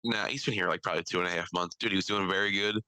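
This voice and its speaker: Bright-voiced young man telling stories. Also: sits low, fairly even intonation, very fast, clear, resonant tone, no echo, low-quality recording. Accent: New York. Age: young adult. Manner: storytelling, laughs often, quotes people in put-on voices. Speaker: podcast co-host. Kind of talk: casual chat.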